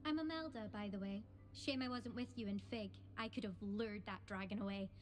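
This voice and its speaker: A woman's voice: mid-range voice, a little fast, faint music behind, lightly acted. An actress with a Scottish accent playing a boastful young female student flier in a video game, haughty and self-assured.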